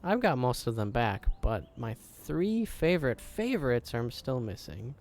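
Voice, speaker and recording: A man reading game dialogue aloud, voicing an excitable, childlike talking dog in a bubbly, pleading way. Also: mid-range voice, measured pace, gravelly, slight background noise. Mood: eager.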